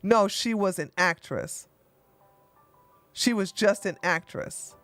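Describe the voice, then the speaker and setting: A woman's voice: mid-range voice, slow pace, a bit bright, no room sound, soft background music. A woman hosting a casual livestream, chatty and exclamatory, thanking viewers by name. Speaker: livestream host.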